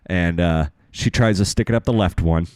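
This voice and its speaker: Low-voiced man telling a crude story. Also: moderate pace, a little mellow, clear, resonant tone, dry recording, clean studio sound. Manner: crude, self-mocking storyteller. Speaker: show host. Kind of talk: casual storytelling chat.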